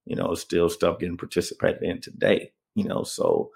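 An interview guest with a low, gravelly, darkish voice and little pitch movement tells his personal story at a moderate pace. He keeps it conversational, often adding "you know what I mean" to check in with the listener.

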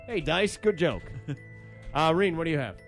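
A man's voice: on the high side, big pitch swings, normal speed, creaky, faint music behind. A man hosting a casual comedy chat, reacting with lots of laughter. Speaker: host.

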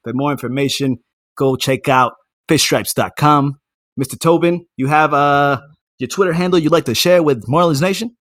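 A man hosting a podcast, wrapping up with excitable, upbeat patter. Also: a little high, moderate pace, no echo, studio quality. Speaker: podcast host. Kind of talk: casual podcast chat.

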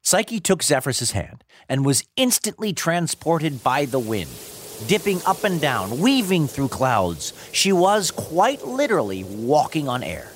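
A man hosting and narrating a story in an expressive, playful manner. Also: fairly high pitch, unhurried, no room sound. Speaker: host and narrator.

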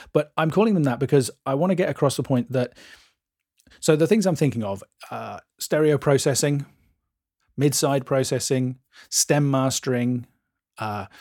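An English man co-hosting a casual podcast about audio mastering, dry and self-deprecating, laying out his points slowly and deliberately. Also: medium pitch, darkish tone, husky, no echo. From England. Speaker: co-host, mastering engineer.

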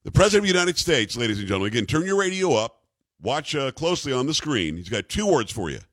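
Animated sarcastic male radio host. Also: medium pitch, quick pace, no echo, studio quality. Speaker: radio talk show host. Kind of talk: casual banter, talk radio. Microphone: studio mic.

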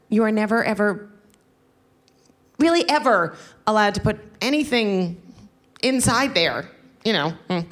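A woman's voice: medium pitch, fairly bright tone. A woman in her thirties doing a stand-up comedy set, chatty, laughing through her punchlines. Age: 30s. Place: comedy venue stage.

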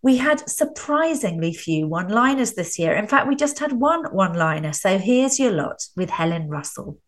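A woman's voice: mid-range voice, big pitch swings, moderate pace. A woman hosting a comedy show, introducing guests and linking segments. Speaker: host. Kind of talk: radio presenting.

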